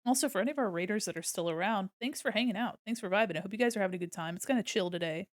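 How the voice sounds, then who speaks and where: A young woman art streamer chats casually with her viewers while drawing on a live stream, giggly and self-deprecating. Her medium-pitched voice is very fast, and the sound is clean studio audio with no echo.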